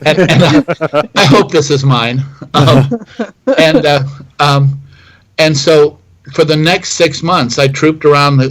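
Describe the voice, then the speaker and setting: Recorded roughly, a medium-pitched middle-aged man appears as a whiskey distiller guest in an interview. He recounts a long story in a rambling way, restarting often and leaning on fillers.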